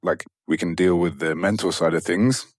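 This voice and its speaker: Very deep-voiced male podcast host. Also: fairly even intonation, normal speed, no room sound, clean studio sound. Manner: casual, thinking aloud with many fillers. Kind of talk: conversational podcast interview.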